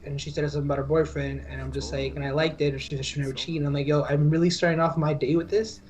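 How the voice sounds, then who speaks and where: Fast-talking young man chatting casually. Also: fairly high pitch. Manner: rambling, fast, many restarts and slang. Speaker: podcast co-host. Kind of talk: casual chat.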